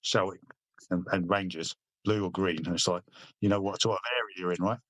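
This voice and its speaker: A man's voice: low voice, fairly even intonation, fairly quick, fairly bright tone, no echo. A middle-aged man from England, a former paratrooper, telling army stories in casual chat, swearing often and repeating himself. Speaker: guest, former paratrooper and author.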